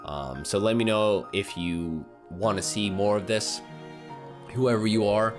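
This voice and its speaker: Young male let's-play host, low voice, excitable and foul-mouthed, game music under. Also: a little slow. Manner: excitable, swears and laughs a lot. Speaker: gaming channel host. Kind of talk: let's-play, reading a visual novel aloud.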